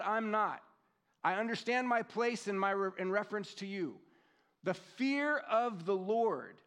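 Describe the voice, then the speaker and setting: Middle-aged male pastor, slightly high voice, conversational sermon delivery, slows down for scripture. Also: a bit bright. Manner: conversational, reflective, reads scripture slowly.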